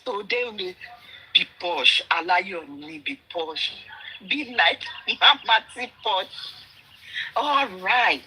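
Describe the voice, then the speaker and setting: Bright, slow-talking Nigerian woman. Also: mid-range voice, animated, slight background noise, poor audio. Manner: switches between English, Pidgin and Yoruba, emphatic and indignant. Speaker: speaker in a live audio discussion. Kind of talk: impassioned casual commentary.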